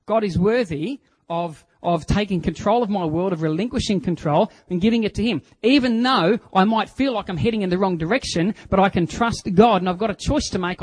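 A middle-aged Australian pastor with a notably high voice preaches with animated storytelling. He drops to near-whispers on key words, then rises sharply as he acts out voices. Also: low-quality recording. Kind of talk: sermon.

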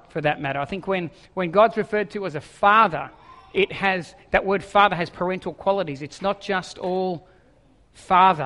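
High, bright-voiced man preaching in a hall. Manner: chatty, joking, stumbles and repeats words. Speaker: pastor. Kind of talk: sermon with jokes.

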